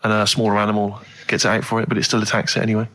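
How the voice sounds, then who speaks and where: A man's voice: on the low side, monotone, racing, sharp tone. A male radio co-host in casual studio banter, teasing and mock-formal.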